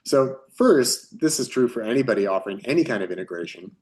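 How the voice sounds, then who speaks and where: A man's voice: medium pitch, expressive, fast, darkish tone. A man presenting a training webinar, explaining at a desk and running through long strings of questions. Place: at a desk with a pen in hand.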